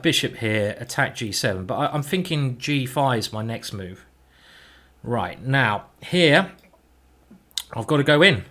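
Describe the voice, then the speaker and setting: A man's voice: medium pitch, fairly bright tone. Man thinking aloud over chess. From England. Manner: chatty, thinking aloud, mildly sweary. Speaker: chess streamer. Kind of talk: live game commentary.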